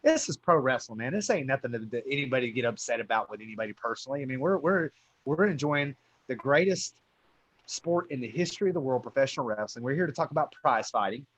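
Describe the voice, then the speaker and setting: A man's voice: mid-range voice, lively intonation, fast, no room sound. A man co-hosting a casual talk show who rambles, restarts his sentences and chuckles as he talks. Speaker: co-host. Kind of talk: casual chat.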